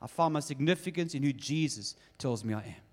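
A man's voice: mid-range voice, fairly quick. A man preaching a sermon, telling stories with acted quotes. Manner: lively storytelling with acted quotes. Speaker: pastor.

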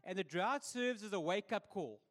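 High-voiced South African preacher. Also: male voice, lively intonation, normal speed, a bit bright. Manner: conversational, humorous preaching. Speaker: pastor. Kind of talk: sermon.

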